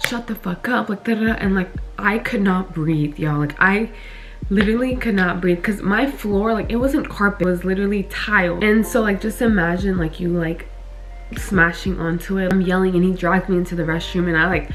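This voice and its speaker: A young woman telling her story in a casual vlog, talking fast, swearing and filling with "like" all the way through. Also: medium pitch, faint music behind. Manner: fast, heavy on "like", swears, animated retelling. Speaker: vlogger.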